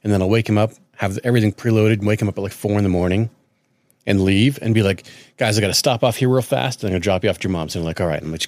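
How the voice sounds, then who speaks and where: A man in his thirties chats fast on a podcast, his voice sitting a little low and recorded dry and close. He tells stories with lots of animation, bouncing into quoted voices along the way. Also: dry recording. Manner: animated storyteller, acts out quotes. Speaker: podcast co-host. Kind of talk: casual chat.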